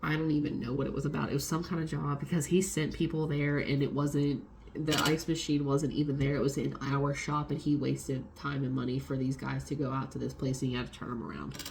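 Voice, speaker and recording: A woman's voice: rumbling low, a little fast, creaky, a little hiss or hum. A young adult woman vlogging a casual storytime, swearing freely and acting out what others said. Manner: swearing, animated retelling with quoted voices.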